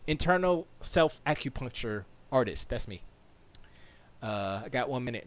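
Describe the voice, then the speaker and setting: A man's voice: medium pitch, normal speed, slight background noise. A man streaming from his home studio, rambling to himself in casual chatter while setting up. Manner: rambling, talks to himself, mutters and jokes.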